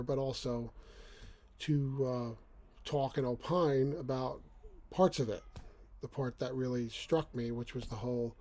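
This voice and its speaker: Middle-aged male channel host, casual and rambling with repeated words; mellow tone, small home room. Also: medium pitch. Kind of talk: casual talk to camera.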